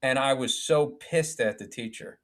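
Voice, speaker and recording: A man's voice: mid-range voice, moderate pace. A man, a filmmaker guest on a podcast, telling stories animatedly, acting out quotes and swearing casually. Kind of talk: podcast storytelling.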